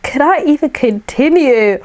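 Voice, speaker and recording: A woman's voice: high voice, expressive, slow pace, darkish tone. A woman hosting a reaction video, asking incredulous questions about what she hears. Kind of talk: reacting to a clip.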